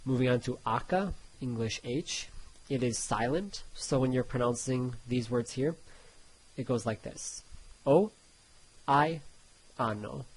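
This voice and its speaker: A man's voice: medium pitch, unhurried, a little mellow, slightly rough, rough recording. A man tutoring Italian pronunciation, reading each word twice between loose, casual explanations. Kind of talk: pronunciation lesson.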